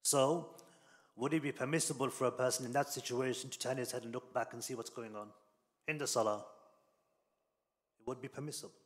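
A man's voice: medium pitch, fairly even intonation, a little fast, long pauses. Male religious teacher, plain mid voice, explains patiently, long hall reverb. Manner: explanatory, with frequent fillers and restarts. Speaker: Islamic teacher. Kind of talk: religious lesson.

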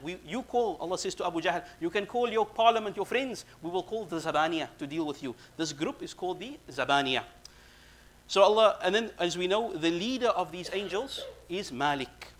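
A man giving a sermon, quickly reciting verses and then explaining them in casual, conversational English. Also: on the high side, fairly bright tone. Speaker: Islamic preacher.

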